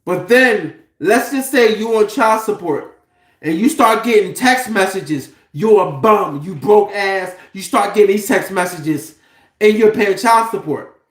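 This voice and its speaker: A man's voice: high-pitched, unhurried, reverberant. A man delivering an impassioned, profane monologue, firing off rhetorical questions in a heated, preachy way.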